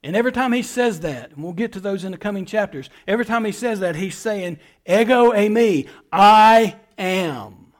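A middle-aged man preaching a sermon as pastor, building emphatic repeated phrases and swinging from loud appeals to hushed words. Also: sits high, lively intonation, fast talker, few pauses.

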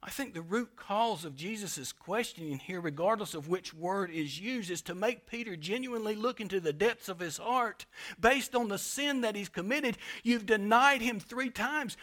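Emphatic, bright-voiced preacher. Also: male voice, high-pitched, expressive, normal speed. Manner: emphatic preaching with sharp swings in loudness. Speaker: pastor. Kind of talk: sermon. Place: church sanctuary.

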